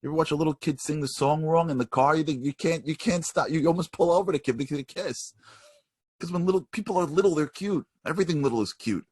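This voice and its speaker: A man preaching a sermon in an animated, conversational storytelling manner. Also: a little high, fast, slightly rough, no room sound.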